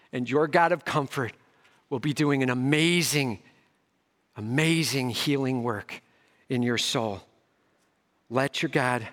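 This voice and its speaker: A man's voice: medium pitch, slow pace, long pauses. Man preaching in a reverberant hall. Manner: swings between emphatic raised passages and hushed soft ones; casual slangy asides amid preaching. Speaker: pastor. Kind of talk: sermon.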